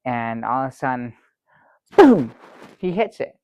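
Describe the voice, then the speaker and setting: Here the same gravelly sad-sack character, a comedy sidekick in improvised sketch comedy, rambles through a story with many restarts, earnest and oblivious as a naive middle-aged man. His medium-pitched voice has lively intonation and moves a little fast, sounding natural and free of echo.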